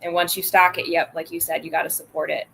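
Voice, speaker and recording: A woman co-hosting from a knife shop, chatty and quick in casual conversation. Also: low-pitched, flat delivery, vocal fry, a bit bright, slight background noise. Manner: chatty, quick, laughs easily. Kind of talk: casual chat.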